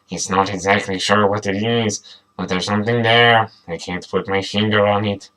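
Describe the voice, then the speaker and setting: A man reading aloud, voicing a doting dinosaur mother in a flat, deadpan voice. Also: on the low side, moderate pace.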